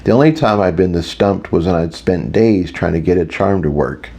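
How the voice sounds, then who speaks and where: A man with a very low, deep voice narrates a first-person audiobook. His delivery is wry and self-mocking, like someone talking through his own thoughts. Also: lively intonation, normal speed, dark tone.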